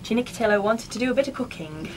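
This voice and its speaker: English woman, local radio host, higher voice, smooth upbeat links, faint hiss behind. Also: animated, rapid-fire. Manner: chirpy, polished presenter patter. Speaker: radio presenter. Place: radio studio.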